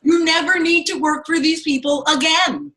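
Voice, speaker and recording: A woman's voice: sits high, moderate pace, bright, forceful tone. A woman teaching an acting class, telling stories emphatically, cursing freely and laughing often. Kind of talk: animated storytelling lecture.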